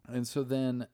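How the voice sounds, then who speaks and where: A man's voice: mid-range voice, vocal fry, darkish tone, no echo, clean studio sound. A young man podcast host casually recapping a movie, rambling, swearing, and acting out the characters' lines.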